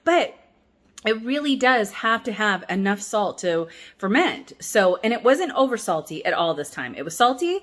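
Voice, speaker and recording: A woman's voice: mid-range voice, very animated, moderate pace, a bit bright. A woman hosting a cooking vlog, talking in a chatty, rambling and upbeat way. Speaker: cooking vlogger.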